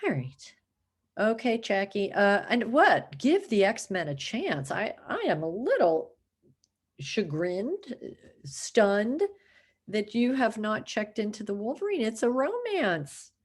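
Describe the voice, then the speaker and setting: A woman's voice: mid-range voice, sing-song, slow, slightly rough. A woman chatting casually to the camera, rambling and self-mocking, laughing often and slipping into put-on accents for fun. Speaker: vlogger.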